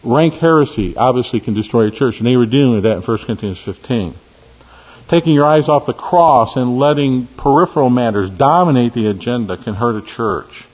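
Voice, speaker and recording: Man, sermon, emphatic preaching, husky voice, long reverb, muffled recording. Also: expressive, fairly quick, a little mellow. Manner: emphatic, rising to stressed peaks and dropping low on key words.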